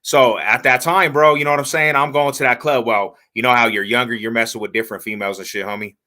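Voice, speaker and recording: A man hosting a podcast, telling stories in animated, slangy casual chat and laughing as he goes. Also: medium pitch, fast. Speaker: podcast host.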